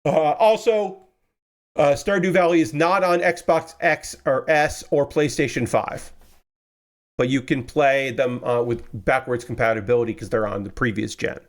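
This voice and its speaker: A man's voice: mid-range voice, normal speed. Tired man rambling on a live stream. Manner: rambling and relaxed, full of filler words and restarts. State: tired, yawning. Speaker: streamer hosting a model-building stream. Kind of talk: casual live-stream chat.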